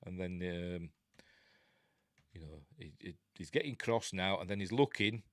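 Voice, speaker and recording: A middle-aged Yorkshire man talks through a film in a loose, chatty way and throws in sarcastic jabs. His voice sits low but swings up and down a lot. The sound is dry and close. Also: expressive, unhurried, no room sound. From Yorkshire, England. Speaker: film review host. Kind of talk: casual live film commentary.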